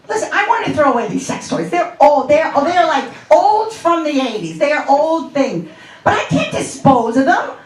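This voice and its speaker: A Long Island, New York woman in her fifties does stand-up on a comedy club stage, telling brash, profane stories conversationally. Her voice is high, with big pitch swings, at a normal speed. The echoey club is picked up by a distant mic.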